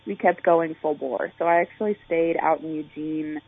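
This Olympic track and field athlete has a low, creaky, husky voice, a steady tone and a moderate pace, with no room sound. Her phone interview is chatty and full of fillers and restarts, and the line is tinny.

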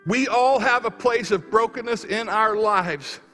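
A man preaching a sermon, telling a story quietly and then building to fervent, rising exhortation. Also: high-pitched, a little slow, faint music behind. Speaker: pastor. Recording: long reverb of a large hall.

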